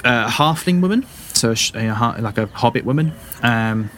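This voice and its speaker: A man narrating a tabletop game as game master, halting with many fillers. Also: mid-range voice, lively intonation, fairly bright tone, slight background noise. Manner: halting, lots of ums.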